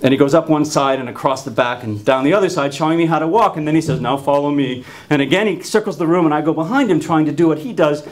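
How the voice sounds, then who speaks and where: A man's voice: fairly high pitch, fast, few pauses. Wry, stuttering man telling a story. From New Jersey, USA. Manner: wry, with frequent stuttered restarts. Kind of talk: personal storytelling.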